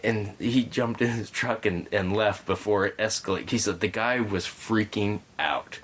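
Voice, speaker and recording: A man hosting a podcast, telling a story in a relaxed, rambling way with frequent restarts. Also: fairly low pitch, unhurried. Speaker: podcast host. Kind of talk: casual storytelling chat.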